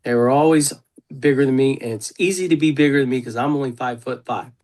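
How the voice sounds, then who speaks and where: A man's voice: mid-range voice, quick pace, darkish tone. A man hosting a consultation over a video call, telling stories bluntly and swearing freely. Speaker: consultant host. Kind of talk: casual video call chat.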